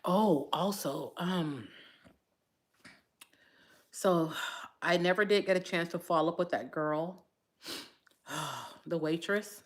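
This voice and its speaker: A woman hosting a casual livestream for her viewers, tearful and crying as she talks, rambling, sighing often and trailing off softly. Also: on the low side, takes it slowly, pauses often. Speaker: livestream host. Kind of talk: casual live chat to viewers.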